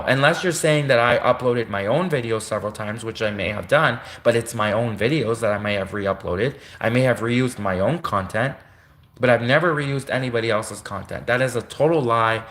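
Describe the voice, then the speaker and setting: A man's voice: mid-range voice, a bit bright. Give me an indignant man ranting on a livestream, rambling and joking as he goes. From Canada.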